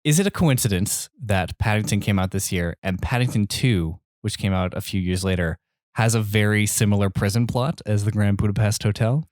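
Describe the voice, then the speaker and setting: A man's voice: lowish voice, a little fast, darkish tone, no room sound, clean studio sound. A young man co-hosting a casual film podcast, easygoing and chatty, laughing often. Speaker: podcast co-host.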